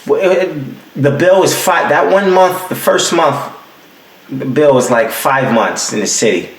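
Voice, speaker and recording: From a home room with the heat off, a young adult man hosts his podcast as a casual solo rant, profane and animated, acting out quotes in his stories. His fairly high voice moves at a measured pace and sounds reverberant.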